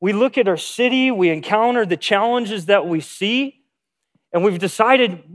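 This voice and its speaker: A man's voice: high voice, a little slow. A man preaching a sermon, opening with a storytelling anecdote and acting out the lines of the people in it. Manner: storytelling with acted-out quotes. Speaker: pastor.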